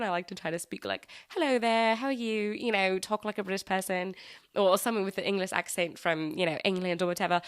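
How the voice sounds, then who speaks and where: A woman's voice: lowish voice, a bit bright, dry recording, studio quality. A woman hosting her own podcast in a casual, enthusiastic, rambling chat full of fillers. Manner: chatty and rambling, with many fillers and restarts; enthusiastic, gushing. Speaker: podcast host.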